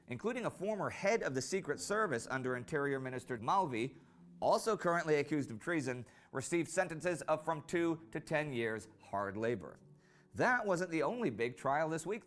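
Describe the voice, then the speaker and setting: A man giving scripted narration for a history documentary series, measured and storytelling, rising for quoted lines. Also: fairly high pitch, a bit bright. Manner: measured storytelling delivery, rises for quoted speech.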